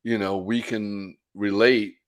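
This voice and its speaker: An American man hosts a casual podcast interview at a slow pace, his voice fairly low and level in tone. He laughs easily and often restarts his sentences as he speaks.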